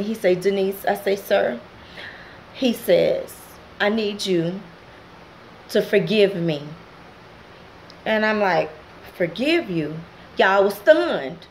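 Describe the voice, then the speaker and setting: A woman's voice: mid-range voice, a little hiss or hum, low-quality recording. A middle-aged woman, speaking straight to her viewers as she recounts a painful family story. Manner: emotional, direct address to viewers. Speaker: channel host. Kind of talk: personal testimony vlog.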